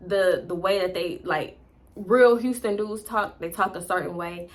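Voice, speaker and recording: A young woman telling a story casually, animated, profane and laughing between asides. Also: on the low side, unhurried. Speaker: storytime vlogger.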